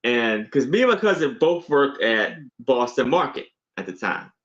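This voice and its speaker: A man co-hosting a live stream, telling a story in unhurried, halting casual chat. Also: mid-range voice, big pitch swings, a bit bright. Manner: unhurried, halting, with many restarts. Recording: dull lo-fi stream audio.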